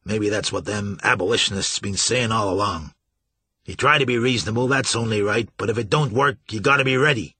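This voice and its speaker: A man voicing a gruff, stubborn middle-aged riverboat captain who talks in a rough folksy dialect. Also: on the low side, brisk, sharp tone, dry recording. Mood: earnest.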